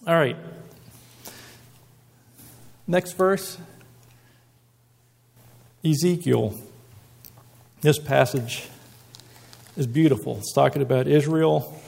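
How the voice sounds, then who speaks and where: A man's voice: fairly high pitch, slow, vocal fry, long pauses, darkish tone. A male preacher giving a conversational, earnest sermon and reading scripture aloud.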